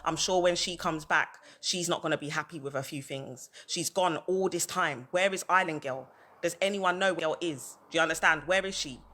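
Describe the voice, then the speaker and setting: A woman's voice: deep voice, moderate pace, a bit bright. A woman ranting on a livestream, heated and repetitive, hammering her points over and over. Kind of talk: livestream rant.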